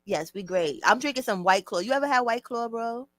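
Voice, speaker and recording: Chatty woman streamer, bright tone, laughs a lot, dry close sound. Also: a little high, lively intonation, brisk, no room sound. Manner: chatty, laughs often, talks to chat. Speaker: livestream host. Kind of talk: casual livestream chat.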